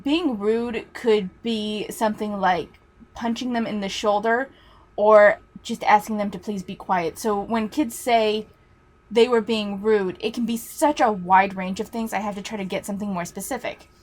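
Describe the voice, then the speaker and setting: A woman's voice: mid-range voice, steady tone, normal speed. A woman teacher telling a story in a casual, chatty way, swearing freely.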